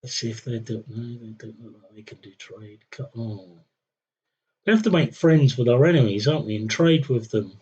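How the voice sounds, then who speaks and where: A man's voice: medium pitch, expressive, normal speed, dark tone, highs cut off, slight background noise. A young man streaming a strategy game, thinking aloud with wry, muttered commentary. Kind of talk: casual live gameplay commentary.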